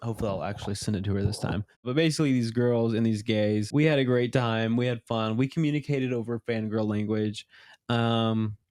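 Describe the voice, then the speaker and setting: A young man hosts a podcast in a relaxed chat, his voice lowish, quick, and somewhat dark. He tells a story with plenty of animation and laughs often.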